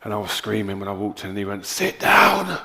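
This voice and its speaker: South london guy, low gravelly voice, tells stories loud and animated, acts out the dialogue. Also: racing, noisy background. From South London, England. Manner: animated anecdotes with lively quoted dialogue. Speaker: interview guest. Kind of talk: candid storytelling on stage.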